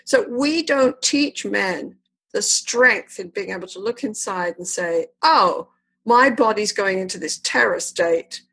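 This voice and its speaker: A woman's voice: medium pitch, animated, measured pace, vocal fry, a bit bright, breathy edge, poor audio. A woman therapist in a conversational interview, explaining relationships with emphatic, vivid storytelling. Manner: retells therapy sessions with vivid acted-out dialogue. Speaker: therapist guest.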